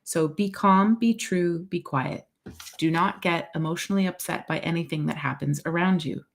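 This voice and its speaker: Woman, very low voice, gravelly fry, calm measured meditation reading. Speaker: podcast co-host reading meditation.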